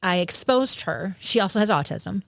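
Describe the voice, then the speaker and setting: A woman's voice: medium pitch, animated, normal speed, vocal fry, dry recording. A woman hosting a podcast in casual chat, encouraging her guest with many "mm-hmm"s and telling stories of her own. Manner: warm listener, many "mm-hmm", tells anecdotes. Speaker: podcast host.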